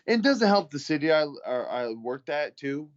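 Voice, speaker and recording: Pitched on the high side and moving at a moderate clip, this man's voice has a lo-fi quality. He's a heavyweight fighter chatting through stories in an interview, swearing freely and bringing the quoted people to life as an animated storyteller.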